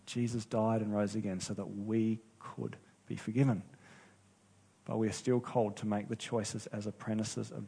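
A man preaching a sermon as pastor, earnest and unhurried, with pauses and restarts. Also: medium pitch, mellow, slightly rough.

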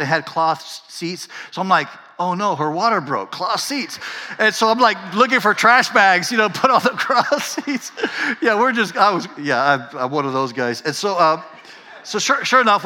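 A middle-aged man preaches from the pulpit, his tone bright and forceful as he tells a story full of self-mocking humor. He then drops into a slow, hushed reading. A long church echo trails every phrase. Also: high voice. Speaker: pastor. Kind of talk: sermon. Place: church sanctuary.

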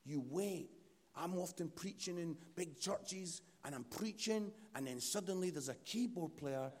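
A Scottish man preaching a sermon in a church, telling a story with lively, acted-out quotes. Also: sits high, measured pace, husky. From Scotland. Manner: animated storytelling, acts out quotes.

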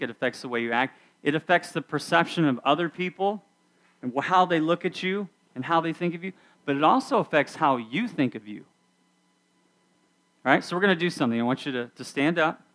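A middle-aged youth pastor with a medium-pitched, fairly bright voice gives a casual sermon to a youth group. He talks conversationally and guides the kids through activities.

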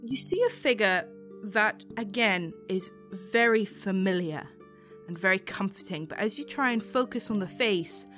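A woman game master narrates a tabletop scene in a soothing, descriptive way. Her voice sits at an ordinary mid pitch and she takes her time. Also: moderate pace, fairly bright tone, faint music behind.

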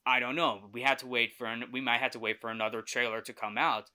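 A man's voice: mid-range voice, flat delivery, fast talker, sharp tone. A young man hosting a podcast, chatting casually through a movie trailer review, often correcting himself and laughing easily.

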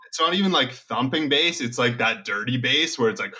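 Young podcast co-host, bright husky voice, swears a lot, rambles. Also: male voice, mid-range voice, animated, brisk, few pauses. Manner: profane, rambling storytelling. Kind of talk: casual chat.

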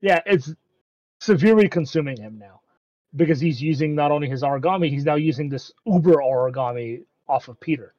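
A man's voice: on the high side, fairly quick, a little mellow, no room sound, lo-fi sound. Rambling man recapping an anime, casual. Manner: rambling, many ums, swears casually.

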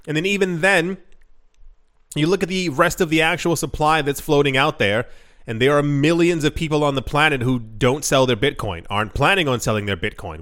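A man's voice: a little high, fairly bright tone. A man hosting a casual crypto news show, reading headlines with sarcastic asides and frequent restarts.

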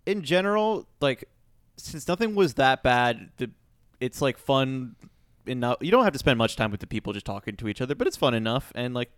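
A man co-hosting a podcast, chatting casually about a film in a relaxed, rambling way with frequent restarts. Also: medium pitch, fairly quick, clean tone, no room sound, studio quality. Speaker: podcast co-host. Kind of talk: casual chat reviewing a film.

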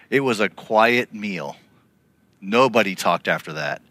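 A man preaching a sermon, telling stories and acting out the people he quotes with lively shifts in voice. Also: fairly low pitch, takes it slowly, no echo. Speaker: pastor.

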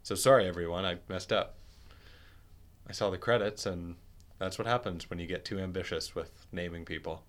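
A young man with a very low, deep voice co-hosts a relaxed chat. He is easygoing and self-deprecating, laughing readily at his own slips. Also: moderate pace. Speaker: podcast co-host. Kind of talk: casual chat.

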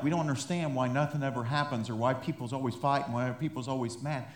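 A man preaching a sermon, animated and emphatic, with laughing asides and loud rising peaks. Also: medium pitch, slight background noise. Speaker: pastor. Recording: echoey room.

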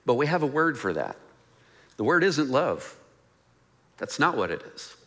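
Male pastor mid-sermon, keen and chatty, brisk tone with lots of rise and fall, echoey church hall. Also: mid-range voice. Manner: animated and conversational, joking with the congregation. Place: church sanctuary.

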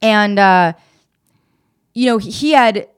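A woman's voice: mid-range voice, clean tone. A woman co-hosting a casual self-help podcast, talking earnestly and encouragingly to listeners. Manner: earnest, encouraging, retells scenes in quick voices. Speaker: podcast co-host.

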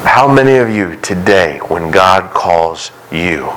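A middle-aged male pastor preaches a sermon in a very low voice, earnest and emphatic, speeding up and then slowing to stress key words. His voice sits over clear background noise from the room. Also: expressive, fairly bright tone, low-quality recording. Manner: earnest preaching with shifting pace and emphatic rises.

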